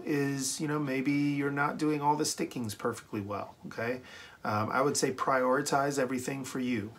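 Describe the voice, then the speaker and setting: A man giving a relaxed, encouraging snare drum lesson, with many ums and okays. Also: medium pitch, a little hiss or hum. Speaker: drum teacher. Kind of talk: casual instructional talk.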